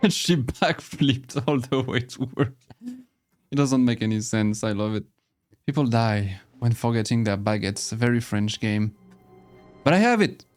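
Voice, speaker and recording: Casting: slow-talking man, jokey gamer commentary, swears freely. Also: mid-range voice, steady tone, darkish tone, faint music behind. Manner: joking, swearing reactions to the game. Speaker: gamer playing on video. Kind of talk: casual let's play commentary.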